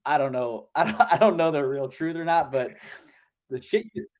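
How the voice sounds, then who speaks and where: A man's voice: fairly high pitch, expressive, normal speed, darkish tone. A man co-hosting a podcast, talking in a laid-back, casual way with many "like" fillers. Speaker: podcast co-host. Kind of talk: casual chat.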